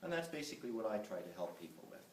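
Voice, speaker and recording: A man's voice: fairly low pitch, very animated, very fast. A man giving a public lecture, emphatic and often checking in with his audience by asking "right?". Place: lecture room. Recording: roomy, distant from the mic.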